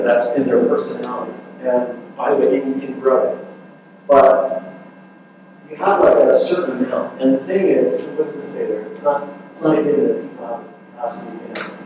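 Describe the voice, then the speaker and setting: A man's voice: a little high, darkish tone. A man speaking as a counselor at a relationship workshop, talking in a loose, conversational way, repeating words and often asking "right?". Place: large room at a church youth ministry event. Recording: echoey hall from far off, faint noise.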